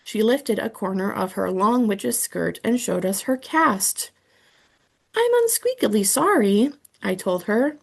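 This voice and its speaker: A woman's voice: medium pitch, unhurried, gravelly, few pauses, husky. A woman reading a children's book aloud in the first person, telling the story with expression. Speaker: audiobook reader.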